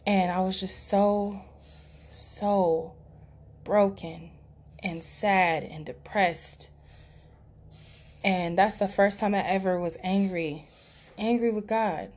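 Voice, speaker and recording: A woman's voice: medium pitch, steady tone, slow pace, pauses often, a little mellow. A young woman hosting a podcast, telling a personal story candidly and emotionally, with many fillers and restarts, in a room away from her usual setup. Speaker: podcast host. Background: outside noise through an open window.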